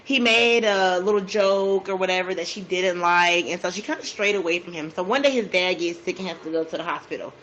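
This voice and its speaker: A woman casually retelling a true crime story over a food video, chatty and slangy, with drawn-out asides. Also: on the low side, fairly bright tone, a little hiss or hum, low-quality recording.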